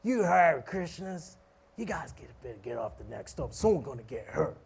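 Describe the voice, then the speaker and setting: A man's voice: on the high side, sing-song, normal speed, gravelly, darkish tone, slightly rough, full character voice. A man voicing an angry drunk homeless man on a subway who threatens a group of singers. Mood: threatening. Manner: threatening, slurred and menacing.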